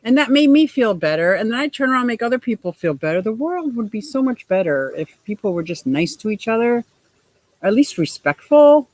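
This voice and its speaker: A woman's voice: a little high, very animated, a little mellow, dry recording, rough recording. A woman doing an impression of a chatty male fishkeeping friend as she hosts a casual live stream by her fish tank, cheerful and gushing. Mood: upbeat. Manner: cheerful, gushing, quick to laugh.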